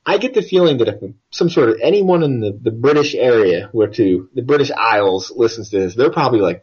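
A man's voice: medium pitch, expressive, a little fast, hardly any pauses, slightly rough, dull audio. An American man co-hosting a podcast, chatting casually and jokily about a film. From United States. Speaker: podcast co-host.

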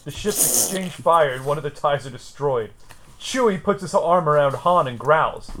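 A man's voice: fairly high pitch, animated, normal speed, fairly bright tone. A man hosting, reading stage directions aloud with dry, joking asides. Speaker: host.

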